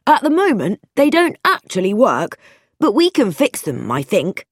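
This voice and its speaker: Woman reader doing a breezy, chummy young chap's letter; lively, low, dry close recording. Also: normal speed, slightly rough, no echo. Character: cheerful, feckless young male friend writing a letter.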